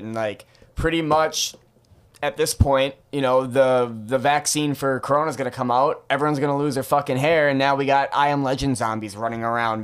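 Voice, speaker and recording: A young man telling stories in a relaxed, profane chat among friends. He rambles and keeps tossing in swear words. His voice sits at an ordinary middle pitch. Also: smooth.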